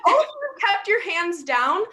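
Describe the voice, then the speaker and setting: A woman's voice: extremely high pitch, normal speed. A young woman doing a stand-up comedy set, bubbly and giggly, laughing through her lines. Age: young adult. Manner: bubbly, giggly, animated delivery.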